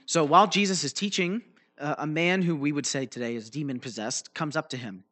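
This man's voice runs on the high side and is a bit bright, and he speaks briskly. Explaining a Bible passage loosely in a teaching sermon, he keeps checking in with "right?" and "okay?" while his loose delivery carries fillers and restarts.

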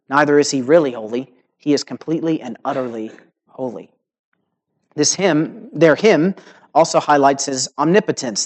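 A man preaching a sermon to a congregation, earnest and emphatic, slowing on key words and checking in with "right?". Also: fairly high pitch. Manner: earnest preaching with emphatic rising phrases and slow stressed words; uses filler "right?" and "okay?" to the congregation. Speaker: pastor.

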